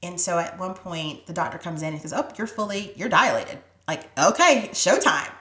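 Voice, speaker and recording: A woman with a lowish voice tells a heartfelt personal story. Her speech is full of "like" and drops to a soft near-whisper when she is moved. She is recorded in an echoey room. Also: expressive, moderate pace. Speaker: guest.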